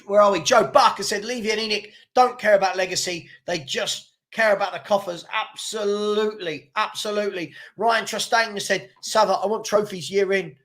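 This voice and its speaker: A man's voice: high voice, a little fast, few pauses, a bit bright. A man hosting a casual livestream, rambling, repeating words and reading out viewer comments. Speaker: fan channel host.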